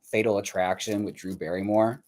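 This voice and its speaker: A man's voice: on the low side, steady tone, normal speed, a little mellow. A man hosting a livestream, chatting with viewers while he paints dolls, chatty and profane, laughing often and rambling as he tries to recall things. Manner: rambling, searches memory aloud. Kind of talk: casual chat with viewers while crafting.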